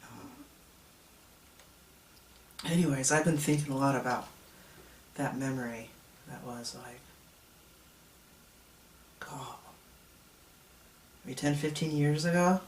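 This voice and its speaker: Slow, reflective man in an echoey room. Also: mid-range voice, slight background noise. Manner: reflective, confessional storytelling. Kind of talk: personal testimony vlog. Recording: echoey room, mic at a distance.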